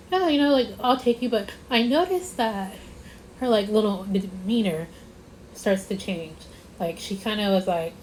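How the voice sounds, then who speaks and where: Her voice medium-pitched and darkish, a young woman vlogs a rambling storytime, circling back over points, stressing them, and filling gaps with "like." The recording is rough, with slight background noise.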